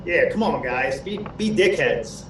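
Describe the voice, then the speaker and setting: A man co-hosting a casual livestream, joking crudely in a lively way. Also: on the high side, a little slow, reverberant, far from the mic, slight background noise. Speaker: livestream co-host.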